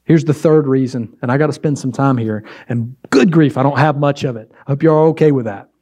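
A man's voice: medium pitch, fairly quick, dark tone. A pastor preaching a sermon, exhorting with repeated emphatic phrases and shifting his pace for effect.

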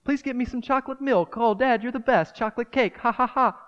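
A man's voice: very high-pitched, brisk, a bit bright, long reverb tail, muffled recording, pitched above the performer's own voice. A man voicing a spoiled, childlike believer who begs and wheedles in a simpering sing-song. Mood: wheedling. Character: spoiled whiny childlike believer begging a father.

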